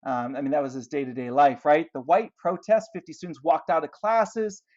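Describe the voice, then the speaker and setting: A man's voice: fairly high pitch, fairly even intonation, fairly quick, darkish tone, dull audio. A man teaching a history lesson, explaining events and asking rhetorical questions as he points out pictures. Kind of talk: classroom history lecture.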